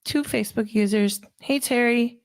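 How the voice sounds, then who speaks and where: A woman's voice: a little high, normal speed. A woman hosting a casual livestream, chatting loosely and greeting viewers one by one by name. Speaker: livestream host.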